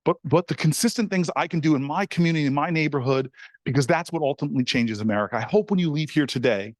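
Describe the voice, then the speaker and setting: A middle-aged man, a senator, telling an animated, folksy story straight to the crowd in a speech. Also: on the high side, fast talker, no room sound.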